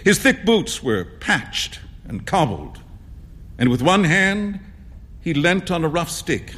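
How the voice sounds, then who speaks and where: Male narrator, storytelling, expressive, lively pitch movement, slightly higher voice. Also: slow pace, breathy edge.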